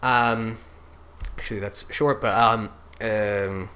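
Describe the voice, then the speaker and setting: Slow, halting male diction coach. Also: fairly low pitch, bright, forceful tone. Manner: slow, halting, many fillers, sings example words slowly. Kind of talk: lesson on German Latin pronunciation.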